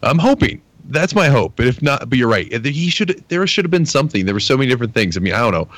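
A man co-hosting a casual podcast chat, rambling hesitantly with many pauses. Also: mid-range voice, sing-song, a bit bright, no echo. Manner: rambling, hesitant, lots of fillers. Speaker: podcast co-host.

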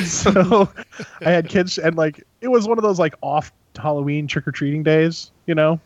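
A man's voice: a little high, steady tone, moderate pace, a little mellow, no echo, muffled recording. A man chatting casually on a podcast, rambling with lots of filler words and frequent laughs. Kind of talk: casual chat.

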